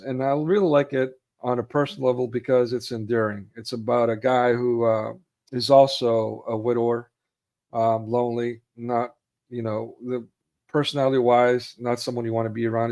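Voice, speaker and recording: A man with a mid-range, somewhat mellow voice chats casually about films. Recalling scenes he loves, he performs the quotes in a raised voice, laughing readily and using many fillers.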